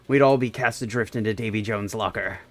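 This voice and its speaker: A man putting on a gruff old-timey pirate voice for a game character. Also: fairly low pitch, brisk, faint music behind, voice pushed down, lightly acted. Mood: blustering. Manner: growling pirate talk.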